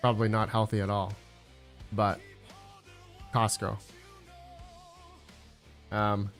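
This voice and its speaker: A man's voice: fairly low pitch, level tone, slow pace, a bit bright, faint music behind. Rambling man hosting a mining livestream. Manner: rambling, searching for words, many fillers. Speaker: crypto mining channel host. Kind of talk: casual livestream chat.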